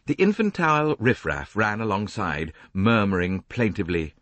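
A man narrating an audiobook in a measured, expressive reading on a close studio mic. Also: on the low side, no room sound. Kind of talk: scripted narration.

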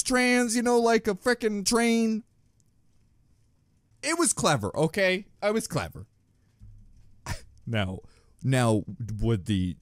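A man's voice: mid-range voice, dry recording, studio quality. A man hosting a reaction video in casual commentary, joking crudely and often laughing at his own jokes. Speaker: reaction channel host.

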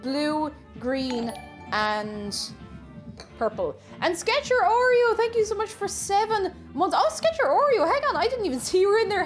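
Bubbly chatty woman streamer. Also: high voice. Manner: bubbly, chatty, repeats her phrases, greets chatters by name. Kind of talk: casual live-stream chat while baking.

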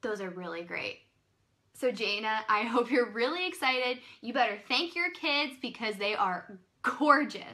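Gushing, excitable woman host. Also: on the high side, measured pace. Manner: gushing, excitable, exclaims often. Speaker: live-stream pearl seller. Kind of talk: live online sales demo.

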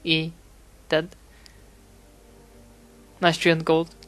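A man's voice: a little high, completely flat delivery, extremely slow, fairly bright tone, no echo. A man giving casual gameplay commentary, rambling and swearing a lot, with frequent fillers and restarts. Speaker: gaming commentator.

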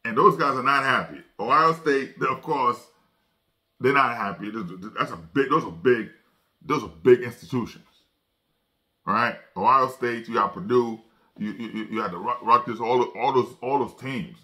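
A man's voice: mid-range voice, normal speed. A man giving casual sports commentary, talking emphatically, stammering and restarting his sentences over and over. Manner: emphatic, animated when quoting others.

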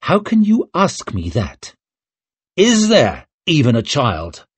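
A man's voice: on the high side, huge pitch swings, slow pace, slightly rough, no echo, voice pushed up, heavily acted. A man voicing a cold, proud noblewoman with an icy, mocking way of speaking, in an audiobook. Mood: indignant.

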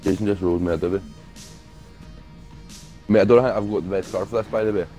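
A man's voice: fairly low pitch, steady tone, fast, warm tone, soft background music. A Scottish man gaming with a friend, talking in laid-back, easygoing banter. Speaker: gamer streaming with a friend.

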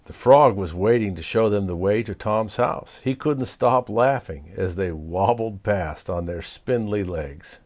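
A man reading a children's storybook aloud as storyteller, expressive and chuckling. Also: on the low side, a little slow, few pauses.

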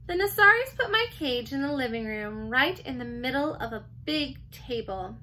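A teacher reading a children's chapter book aloud, gentle and expressive. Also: female voice, high-pitched, normal speed, poor audio. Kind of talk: storybook read-aloud.

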